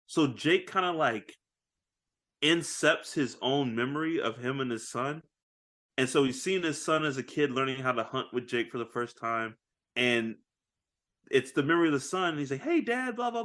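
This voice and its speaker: A man's voice: medium pitch, moderate pace. A man co-hosting a podcast, recapping a movie in casual chat, acting out lines and laughing often. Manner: animated storytelling, acts out lines, laughs often. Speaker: podcast co-host.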